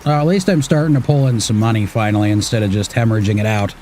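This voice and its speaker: A man's voice: fairly low pitch, quick pace, a little mellow, a little hiss or hum. Laid-back man narrating his gameplay. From Washington State. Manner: laid-back, muttering to himself, swears casually. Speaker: gaming streamer. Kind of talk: casual gameplay commentary.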